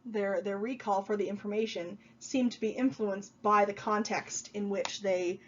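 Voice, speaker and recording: A woman's voice: medium pitch, moderate pace. A woman college instructor giving a recorded online lecture, explaining with frequent fillers, slightly congested from a cold. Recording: dull lo-fi sound.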